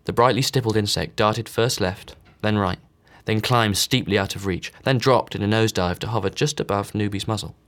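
A man reads a novel aloud in a low, steady voice. He gives each character only a slight change of voice. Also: normal speed, few pauses. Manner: reads all characters with small voice shifts. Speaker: audiobook narrator. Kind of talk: scripted narration.

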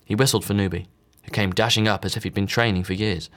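A man reads a novel aloud in a low, steady voice. He gives each character only a slight change of voice. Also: fast talker. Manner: reads all characters with small voice shifts. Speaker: audiobook narrator. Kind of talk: scripted narration.

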